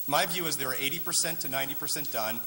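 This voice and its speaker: Guy making his case at a town meeting, bright voice, echoey hall w faint hiss. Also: medium pitch, fast talker. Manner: persuasive, argues point by point. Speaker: resident speaking at town meeting. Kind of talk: public meeting speech.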